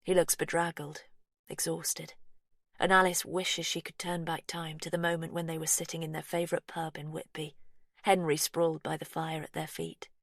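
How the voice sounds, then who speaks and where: A woman reading a story aloud as an audiobook narrator, hushed and measured. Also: deep voice, little pitch movement, no echo, studio quality.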